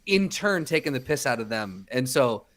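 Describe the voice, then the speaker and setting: A man's voice: mid-range voice, very animated, moderate pace, fairly bright tone. A man co-hosting a podcast in casual chat, explaining things in a rambling way with restarts. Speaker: podcast co-host.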